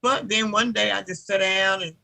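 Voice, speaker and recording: Bright, gravelly woman joking on a call. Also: mid-range voice, steady tone, moderate pace, low-quality recording. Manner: joking, chatty, self-deprecating. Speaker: course participant. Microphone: video call.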